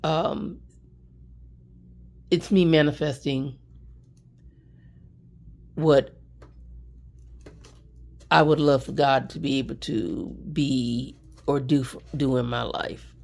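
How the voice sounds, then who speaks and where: A woman with a low, dark, husky voice speaks slowly on a live stream, close to tears. She is earnest and keeps repeating her encouragement. She comes across as middle-aged. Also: steady tone. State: near tears. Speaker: small business owner. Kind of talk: emotional live stream talk.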